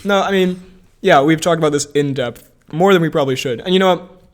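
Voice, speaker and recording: A man's voice: on the high side, a little fast. Rambling young man on a podcast. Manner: rambling, laughs often, loses his train of thought. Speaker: podcast co-host. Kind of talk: casual movie chat.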